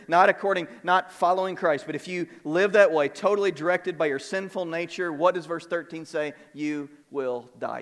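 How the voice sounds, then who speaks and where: A man preaching a sermon as pastor, earnest and repetitive, moving between quiet and emphatic passages. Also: a little high, gravelly, big-room sound. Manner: earnest, repeats words, swings between soft and emphatic. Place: church sanctuary.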